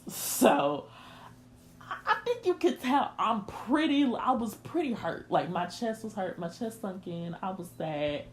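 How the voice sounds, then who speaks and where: A woman's voice: medium pitch, expressive, measured pace, a little hiss or hum. A young woman hosting a podcast, confiding a personal story in an emotional, candid rant and speaking straight to her listeners. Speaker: podcast host.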